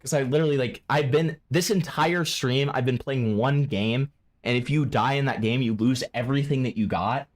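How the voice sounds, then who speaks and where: A man streaming live, reacting to clips with profane, excitable commentary that jumps into loud, high outbursts. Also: normal speed.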